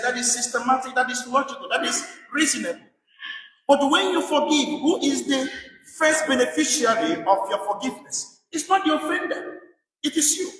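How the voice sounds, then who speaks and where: A priest with a bright, high voice gives a sermon in a church in England, hammering his point with one rhetorical question after another. The mic sits well away from him, and the building lends a long, echoing reverb.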